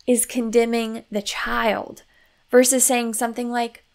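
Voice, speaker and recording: Gravelly-voiced woman coaching parents. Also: on the high side, a little slow. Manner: calm, coaching, explanatory. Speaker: podcast host on parenting. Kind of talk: instructive solo podcast talk.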